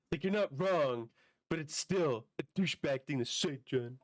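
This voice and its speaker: A man streaming a video game, chatting casually and bantering with viewers, his voice a bit hoarse from a recent illness. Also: fairly high pitch, no echo. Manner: joking, bantering with chat.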